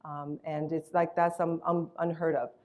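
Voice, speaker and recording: A woman's voice: low-pitched, level tone, moderate pace, a little mellow. A woman giving an enthusiastic, emphatic sales presentation about her company's products. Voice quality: acts out voices when retelling a story.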